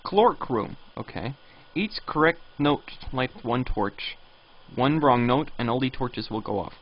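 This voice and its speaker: A man's voice: mid-range voice, lively intonation, a little slow. A man streaming a video game live, rambling and reading signs and chat messages aloud. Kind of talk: live gameplay commentary. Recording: dull lo-fi stream audio.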